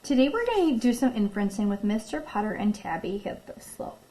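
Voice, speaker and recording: A woman teacher reading a picture book aloud in a recorded lesson. She reads expressively, stops to ask questions and tells the children when to pause. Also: mid-range voice, sing-song, warm tone, low-quality recording. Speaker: elementary school teacher.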